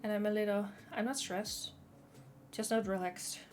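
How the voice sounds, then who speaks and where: A woman's voice: medium pitch, steady tone, moderate pace, darkish tone, slight background noise. A woman streaming live, chatting casually and self-consciously while reading chat.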